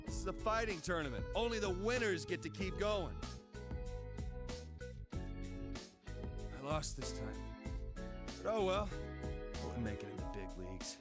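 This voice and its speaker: A man voicing a brash teenage delinquent fighter who talks in rough slang. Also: high voice, big pitch swings, a little slow, long pauses. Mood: gruff. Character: gruff teenage male delinquent brawler. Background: game music.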